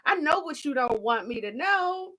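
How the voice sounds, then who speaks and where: A woman's voice: high-pitched, sing-song, moderate pace, fairly bright tone, pitched above the performer's own voice. Woman doing a cocky villain guy, brash and mocking, trash-talking the folks holding him. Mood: taunting. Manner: brash, mocking, street talk. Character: cocky male villain taunting his captors.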